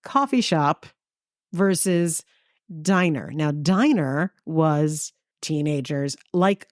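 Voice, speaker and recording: A middle-aged New York woman co-hosts a podcast, telling anecdotes in a casual, lively way at a slow pace. She acts out other people's lines with big pitch jumps, and the recording is dry and studio-clean.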